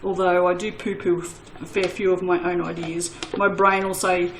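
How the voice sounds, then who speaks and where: A woman's voice: on the low side, little pitch movement, normal speed, slight background noise, rough recording. A woman who hosts a soap-making channel and chats casually and self-mockingly to her viewers while she crafts, laughing often.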